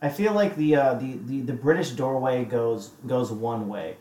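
A man co-hosting a casual music podcast, laid-back and quick to laugh, with hesitant trailing phrasing. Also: mid-range voice, dark tone, reverberant. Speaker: podcast co-host. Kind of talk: casual chat about music.

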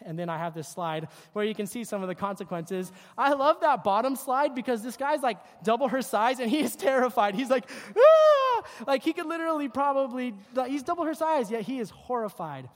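A youth pastor giving a joking, animated sermon to a group of kids, working through slides and poking fun at teen habits. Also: mid-range voice, brisk. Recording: long hall reverb.

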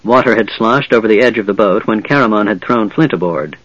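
A man reading a fantasy novel aloud in steady, measured scripted narration. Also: lowish voice, no echo, muffled recording. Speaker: audiobook narrator.

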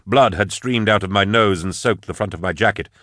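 A man reading a dark first-person fantasy story aloud in a measured, grave storytelling manner. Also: on the low side, no echo, clean studio sound. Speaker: narrator. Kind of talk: audiobook narration of dark fantasy fiction.

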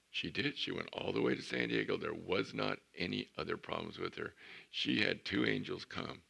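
Deep gravelly storytelling pastor man. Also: bright, forceful tone. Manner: storytelling, building to emphatic. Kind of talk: sermon.

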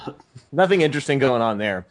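A young American man trading jokes on a podcast, drawn out and sarcastic, with a dry, mock-serious edge. His talk wanders in loose, rambling runs, and his pitch sits in the ordinary middle for a man. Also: lively intonation, fairly quick. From United States. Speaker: podcast co-host. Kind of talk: casual comedic podcast banter.

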